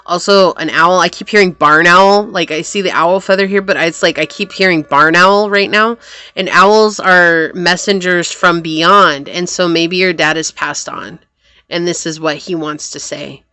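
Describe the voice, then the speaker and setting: A woman reading tarot cards for her viewers. She talks earnestly and thinks aloud as she works through the spread, in a slightly low but bright, forceful voice. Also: fairly even intonation, unhurried, clear, resonant tone, no echo. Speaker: tarot reader. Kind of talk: pick-a-card tarot reading.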